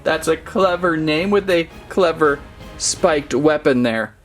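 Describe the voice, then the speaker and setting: A man's voice: on the high side, slow, a bit bright, soft background music. A man hosting a casual toy unboxing, talking in a playful, jokey, mock-serious way. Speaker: toy channel host.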